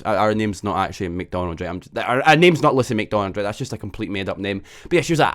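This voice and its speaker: Telling a quick storytime vlog, this young man has an expressive voice that sits on the low side. His delivery is full of swearing, with "right?" tacked onto almost every sentence.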